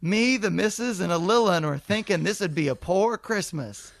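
A gravelly, folksy drifter schemes in a coarse drawl, put on by a man. The voice is pitched a little above his own and recorded dry and close. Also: normal speed, no echo. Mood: crude. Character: crude, scheming, down-on-his-luck working man.

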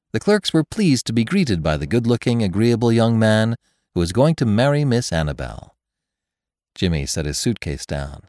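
A man reading a classic short story aloud as a podcast narrator, with measured, expressive storytelling on a close mic. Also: on the low side, no room sound. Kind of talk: scripted audiobook narration.

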